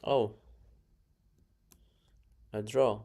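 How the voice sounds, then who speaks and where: A man's voice: fairly low pitch, steady tone, drawn-out words. A man casually reviewing his own chess games, muttering moves, correcting himself and chuckling along the way. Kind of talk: casual game review commentary. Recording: clear background noise.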